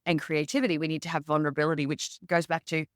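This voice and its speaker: A woman with an Australian accent, a leadership expert guest telling stories in a relaxed interview and acting out quotes as she goes. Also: sits low, fast talker, dry recording, studio quality. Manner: lively, acts out quotes in her stories. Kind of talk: conversational interview storytelling.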